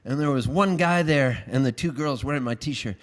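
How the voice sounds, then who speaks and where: A man's voice: mid-range voice, normal speed. A man telling a wry, self-mocking story on a live stage, between songs. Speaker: singer-songwriter. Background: acoustic guitar.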